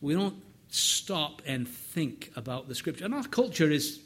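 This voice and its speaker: Earnest, higher-voiced man preaching. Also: measured pace, breathy edge. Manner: earnest, conversational, repeats words when excited. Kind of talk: sermon.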